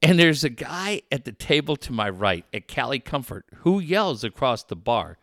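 Animated middle-aged male radio host. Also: medium pitch, normal speed, hardly any pauses, no echo, studio quality. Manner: animated storyteller, rambling with restarts. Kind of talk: casual talk radio chat.

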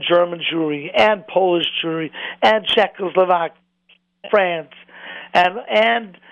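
A man's voice: sits high, no room sound, lo-fi sound. A man speaking as a rabbi in a passionate sermon, repeating words and rising when stirred. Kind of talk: impassioned sermon.

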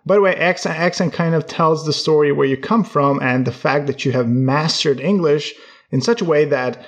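A man's voice: a little high, moderate pace. A man interviewing a guest, encouraging and nodding along with frequent "mm-hmm". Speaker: interviewer, English teacher. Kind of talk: casual interview questions.

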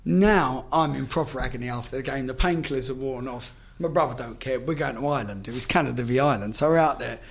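A man's voice: mid-range voice, fast, gravelly, few pauses. A man, a former footballer, telling stories in casual chat, swearing freely and acting out the dialogue.

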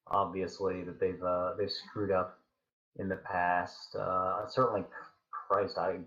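A man as a podcast guest, talking casually in a halting, thoughtful way with many fillers. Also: sits low, fairly bright tone. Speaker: podcast guest, fan fiction writer. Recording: dull lo-fi call audio.

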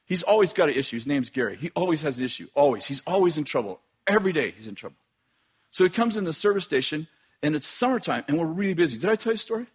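A man telling a dramatic personal story with laughter and bursts of shouting. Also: on the high side, big pitch swings, quick pace, breathy edge.

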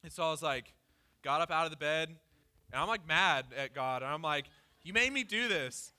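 A pastor giving a conversational sermon, candidly telling a personal story with lots of "like" fillers. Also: male voice, fairly high pitch, fairly even intonation, a little fast, pushed and bright. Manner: casual and candid, peppered with "like".

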